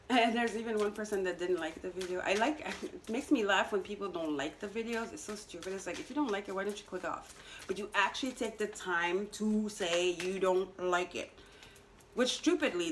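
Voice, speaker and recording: Speaking in a mid-range voice, a woman chats her way through a relaxed tarot and astrology energy reading aimed right at her viewers. Her style is teasing and full of fillers like "you know," punctuated by little self-directed laughs. Low-quality recording, slight background noise.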